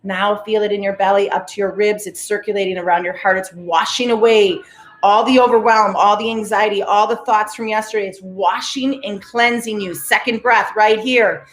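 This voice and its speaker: A woman's voice: mid-range voice, fairly even intonation, normal speed, reverberant, poor audio. A woman coach leading a live group through guided breathing and spoken affirmations, with a commanding, motivational delivery. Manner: motivational, commanding, repeats cues. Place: live-streamed session in a roomy space.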